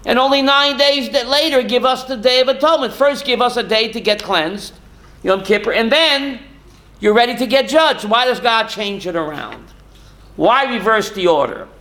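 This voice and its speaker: A man's voice: very high-pitched, moderate pace, bright, forceful tone. A rabbi teaching a class, asking questions to his students and answering them himself, with Hebrew and Yiddish terms worked into his talk. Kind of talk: Torah class.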